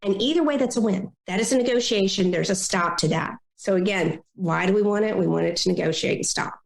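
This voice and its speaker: A woman consultant giving advice in a podcast interview, talking in a lively way and acting out complainers in little quoted voices. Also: medium pitch, fairly quick, gravelly, roomy sound. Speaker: guest consultant on difficult people.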